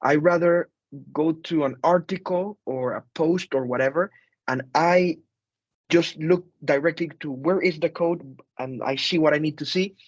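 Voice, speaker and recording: A man's voice: fairly high pitch, unhurried, no room sound, highs cut off. A man, an instructor, leading a casual group discussion over a video call, chatty, with fillers and repeated phrases.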